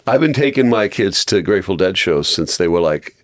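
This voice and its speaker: A middle-aged man, a guest on a podcast, tells stories casually in a rambling way, with many restarts and lively quoted voices. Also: low-pitched, moderate pace, dry recording, clean studio sound.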